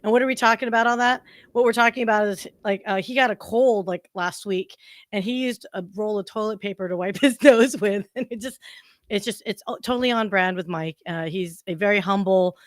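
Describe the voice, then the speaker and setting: A woman's voice: medium pitch, a little fast, no echo. Breezy joking woman co-host, dry sound. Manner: breezy, joking, says "like" a lot. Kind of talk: casual chat.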